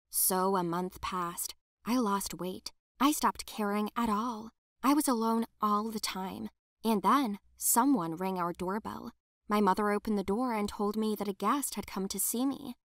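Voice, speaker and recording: Woman telling an animated story in first person, emotional and dramatic, slightly high voice, dry sound. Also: no room sound. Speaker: narrator.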